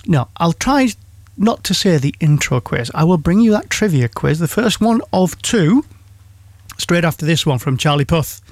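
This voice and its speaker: A man's voice: fairly high pitch, big pitch swings, moderate pace, a little mellow, dry recording. A man presenting on local radio, reading the weather and chatting with self-mocking asides.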